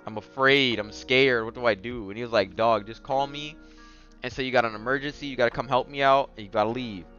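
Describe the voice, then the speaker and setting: Animated man telling a dating story. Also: mid-range voice, brisk, highs cut off, faint music behind. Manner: animated, swings from mumbling asides to yelling bursts. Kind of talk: casual storytelling.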